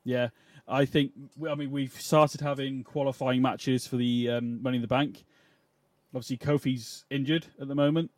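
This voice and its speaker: A man's voice: medium pitch, steady tone, a little mellow, no echo. Conversational man co-hosting a podcast. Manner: quick, conversational, hedging with "I mean". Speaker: podcast co-host. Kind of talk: casual wrestling chat.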